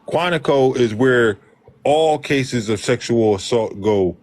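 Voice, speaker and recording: A man arguing in a casual debate, insistent and pressing his questions firmly. His voice sits at an ordinary middle pitch for a man. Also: lively intonation, slow, a little mellow.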